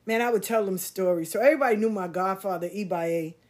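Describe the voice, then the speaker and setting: A middle-aged woman telling a personal story, candid and animated, swearing casually and using slang. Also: mid-range voice, fast. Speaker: podcast host.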